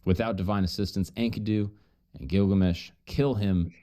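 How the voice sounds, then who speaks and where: Low, mellow-voiced man retelling a myth. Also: fairly even intonation, normal speed. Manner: profane, joking, loose retelling with asides. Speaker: streamer. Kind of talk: casual stream chatter, retelling a myth.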